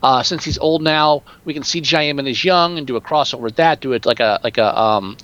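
A man chatting casually about movies, excitable and swearing freely. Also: mid-range voice, brisk, muffled recording.

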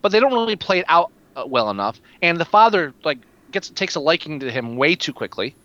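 Casual podcast co-host, man, slightly higher pitch, wry and animated delivery, dull lo-fi sound. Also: a little fast. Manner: wry, animated, breaks into joking voices. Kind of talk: casual movie review chat.

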